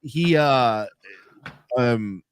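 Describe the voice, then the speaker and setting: A man hosting a podcast in casual chat, animated and mocking, swearing often. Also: medium pitch, extremely slow, clear, resonant tone. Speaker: podcast host.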